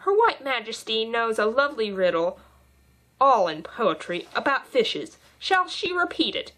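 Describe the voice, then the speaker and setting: A bossy storybook queen, put on by a woman reading aloud. She snaps out orders in a high, piercing voice and shouts her commands. The voice sits well above an ordinary speaking pitch. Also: sing-song, measured pace. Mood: solemn. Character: imperious bossy queen, shrill when commanding. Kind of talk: audiobook reading.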